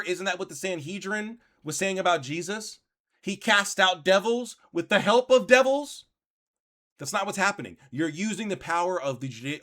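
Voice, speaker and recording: A man's voice: high voice, fairly bright tone. A man hosting a reaction commentary, reading passages aloud and arguing back in an exasperated tone, swearing now and then. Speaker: commentary channel host.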